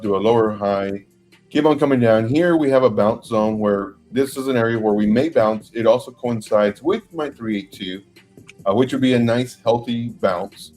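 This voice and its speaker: Male analyst co-host, mid-range voice, measured and hesitant, faint music underneath. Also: mid-range voice, darkish tone. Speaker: crypto chart analyst co-host. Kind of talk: explaining a chart on a livestream.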